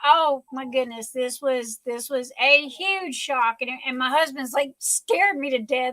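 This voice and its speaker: A woman's voice: high-pitched, measured pace, hardly any pauses, bright, forceful tone, no echo, low-quality recording. An older woman hosting a casual livestream, gushing and emotional, tripping over her words. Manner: gushing, emotional, many restarts. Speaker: livestream host.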